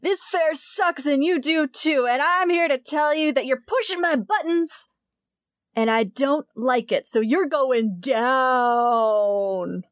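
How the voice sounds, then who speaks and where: A rude, hot-tempered wrestler, played by a woman at a tabletop game, storming in and snarling at everyone in sight. The voice sits high and is pushed into loud, shouty yelling. The sound is dry and close, with no room around it. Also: slow pace, no echo. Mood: angry.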